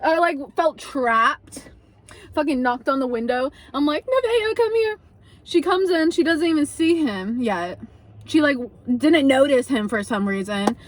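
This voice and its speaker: Animated young woman telling a wild story. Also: sits high, a little slow, no echo. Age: young adult. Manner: animated, swearing, acts out quotes. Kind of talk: casual storytelling to camera.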